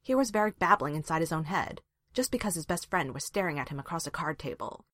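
A woman reading a fan fiction story aloud with expressive narration. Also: low voice, quick pace, no room sound, clean studio sound. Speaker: reader.

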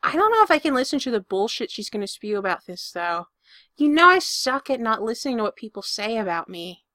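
A woman's voice: on the high side, sing-song, brisk, bright, forceful tone, no room sound, clean studio sound. A woman voicing a weary young single father who talks anxiously and defensively. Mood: worried.

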